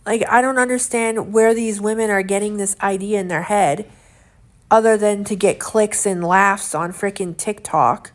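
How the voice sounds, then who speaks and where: A young woman talks straight to the camera at home, her voice sitting at an ordinary middle pitch. She sounds earnest and indignant, rambling loosely and leaning on fillers as she goes. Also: fairly even intonation, moderate pace. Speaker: vlogger. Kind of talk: casual chat to camera.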